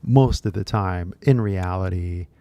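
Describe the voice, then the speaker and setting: A man's voice: low voice, measured pace, dark tone, no room sound, lo-fi sound. A man with a Californian accent, an accent teacher talking casually to camera in a rambling, chatty way with many fillers. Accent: Californian English.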